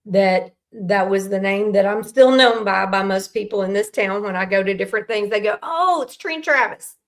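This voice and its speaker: A woman's voice: medium pitch, fairly even intonation, normal speed. Folksy woman telling a story. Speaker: host. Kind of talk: casual faith talk.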